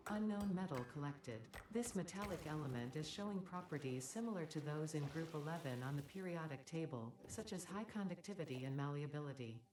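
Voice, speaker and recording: A dry, low AI computer voice. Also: female voice, animated, fairly quick, few pauses. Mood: clinical. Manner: clinical, matter-of-fact announcements. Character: calm female AI computer voice, dryly passive-aggressive. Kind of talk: in-game computer announcements. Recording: roomy distant game audio with noise.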